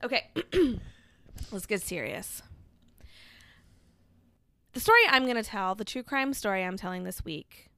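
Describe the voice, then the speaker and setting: A woman's voice: mid-range voice, expressive, a little slow, long pauses, sharp tone, no echo. A chatty woman co-hosting a podcast, talking casually with a teasing, playful edge. She sounds a little out of breath. The sound is dry and close. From Kansas City area, USA. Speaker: podcast co-host. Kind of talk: casual chat.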